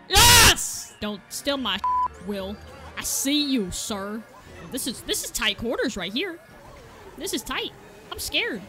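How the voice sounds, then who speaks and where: A young woman giving excited gameplay commentary. She yelps, swears and laughs at herself as she plays. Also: mid-range voice. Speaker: gaming video creator.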